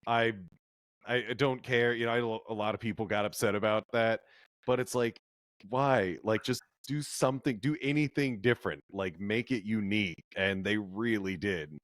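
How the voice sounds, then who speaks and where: A man on a movie podcast, giving his take in a thoughtful, halting way with many fillers. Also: on the low side, no room sound, clean studio sound. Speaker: podcast co-host. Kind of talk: casual movie review chat.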